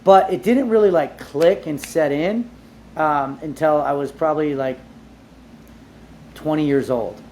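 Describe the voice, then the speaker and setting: A man being interviewed, telling his life story in a casual, animated way, with lots of "like" fillers and casual swearing. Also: on the high side, a little slow, pauses often, a little hiss or hum. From Southern California. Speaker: entrepreneur guest.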